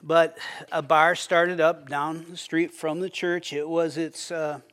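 Conversational high-voiced male preacher. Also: flat delivery, slow pace, a bit bright, smooth. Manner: conversational, repeats words when starting sentences; acts out quoted prayers with a raised voice. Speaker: pastor. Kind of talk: sermon.

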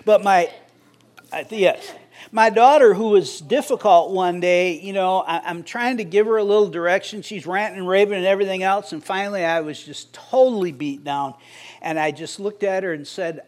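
A man's voice: high-pitched, normal speed, darkish tone. A middle-aged man preaching a sermon as pastor, conversational and joking with the congregation.

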